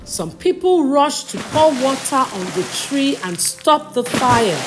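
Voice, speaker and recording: Slow, lively storybook woman. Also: high-pitched, over music. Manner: slow, expressive reading. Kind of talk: bedtime storybook narration.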